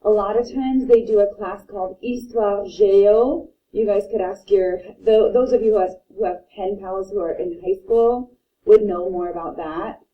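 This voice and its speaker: A woman teaching a French vocabulary lesson, slowly repeating each word and thinking aloud as she writes. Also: medium pitch. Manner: repeats words slowly and carefully, thinking aloud while writing. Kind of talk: slow classroom pronunciation lesson. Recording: dull, roomy sound from a distance.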